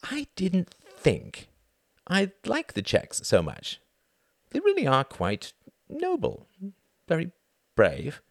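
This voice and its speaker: A man's voice: sits high, huge pitch swings, slow pace, gravelly, pauses often, no room sound, studio quality, pitched above the performer's own voice, exaggerated voice. A man reading the part of a weary, cynical older aristocratic diplomat with a sardonic drawl.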